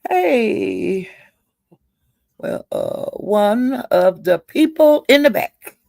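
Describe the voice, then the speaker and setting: Woman, livestream host, gossipy chatty storytelling, dry close sound, unhurried. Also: a little high, creaky, no echo. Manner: chatty, animated retelling of an online feud, calls listeners "child".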